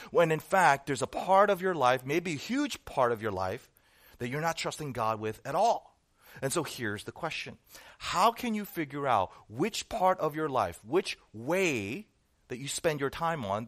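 A man's voice: mid-range voice, a bit bright. A male pastor preaching a sermon, emphatic and full of rhetorical questions and repetition.

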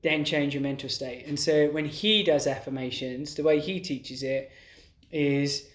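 A man's voice: on the high side, fairly even intonation, unhurried. Middle-aged man, rambling podcast chat, roomy sound. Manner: rambling, many restarts and "like"s. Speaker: podcast co-host. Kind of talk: casual conversation. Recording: roomy echo.

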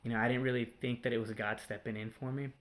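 A young man from Mexico speaks as an interview guest, recounting his own story in a casual, unscripted way. He talks haltingly, with frequent fillers, restarts and pauses as he gathers his thoughts, at an ordinary middle pitch for a man. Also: flat delivery. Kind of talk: casual personal testimony.

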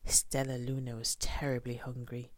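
A woman whispering a children's storybook aloud in a soft, gentle voice, as whispered role-play. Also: a bass voice, completely flat delivery, moderate pace, dry recording.

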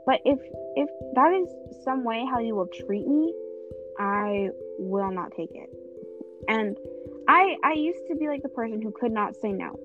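Higher-voiced teen girl, tinny sound. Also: animated, measured pace. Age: teens. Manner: earnest, rambling, frequent restarts. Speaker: co-host. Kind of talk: casual chat. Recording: tinny phone-like sound, background music.

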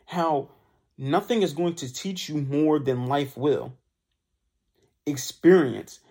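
A man's voice: a little high, slow, dark tone. A young man hosting a casual solo podcast, enthusiastic and motivational, talking through sayings and repeating them. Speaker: podcast host.

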